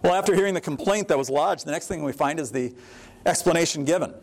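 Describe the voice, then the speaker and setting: A pastor preaching a sermon, reading scripture verses and explaining them in a plain, conversational way. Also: male voice, a little high, fast, vocal fry.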